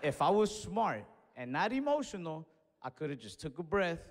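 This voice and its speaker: A man's voice: fairly high pitch, moderate pace. A man doing stand-up comedy, telling a story and acting out the other people in it. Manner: animated, acts out both sides of the story. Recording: live show with long hall reverb.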